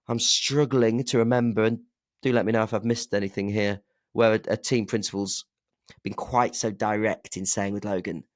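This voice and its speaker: A man's voice: lowish voice, steady tone, normal speed, no echo, studio quality. A man co-hosting a podcast, chatting casually and speculating, often restarting his sentences. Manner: chatty, self-interrupting, speculative. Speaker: podcast co-host. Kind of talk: casual chat.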